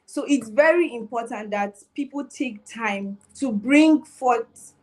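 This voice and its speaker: A woman's voice: on the high side, slow, a little mellow. A woman guest speaker on a live session, explaining her points and checking in with the listener. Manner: explanatory, keeps asking "right?".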